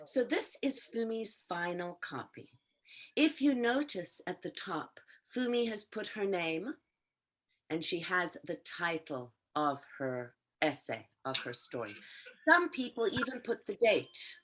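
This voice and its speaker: A woman teacher with a slightly low voice, encouraging her students in an online writing class. She explains step by step, pausing on fillers and correcting herself. The sound comes through a video call. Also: sing-song, fairly bright tone.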